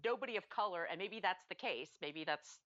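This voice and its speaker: A woman talks through a film in casual podcast chat, her pitch swinging up and down as she restarts sentences and laughs along. The sound is close and dry. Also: a little fast, dry recording, highs cut off. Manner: animated, laughs often, rambling restarts. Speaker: podcast co-host.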